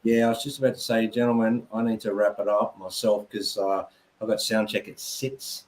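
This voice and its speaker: A man co-hosting a casual live stream, quickly explaining that he has to leave. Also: lowish voice, level tone. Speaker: co-host. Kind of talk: casual chat.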